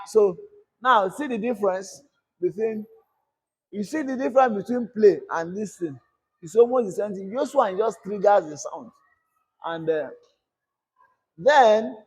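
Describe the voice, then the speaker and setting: A man with a fairly high, husky voice walks students through a screen-recorded coding lesson. He talks in a repetitive call-and-response way, posing a question and then supplying the answer himself. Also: a little mellow. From Nigeria. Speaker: coding instructor.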